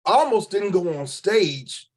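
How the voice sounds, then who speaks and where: A man from Cleveland, a spoken word poet, spins stories as an interview guest. He talks casually, with a husky, slightly high voice, and his pitch swings widely as he acts out the people he quotes. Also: measured pace. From Cleveland, Ohio. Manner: animated storyteller acting out quoted voices, colloquial.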